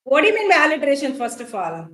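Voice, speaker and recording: Indian woman lecturer, high-pitched, explains and asks questions, roomy classroom sound. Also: huge pitch swings, very fast, fairly bright tone. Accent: Indian English. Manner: explains terms and quizzes students, with frequent fillers. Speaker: college English teacher.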